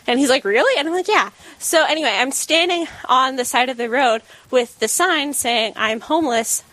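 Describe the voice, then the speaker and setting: A woman co-hosting a talk radio show, telling a story in a casual, animated way and acting out the quotes with laughs. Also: high voice, normal speed, no echo. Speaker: radio co-host.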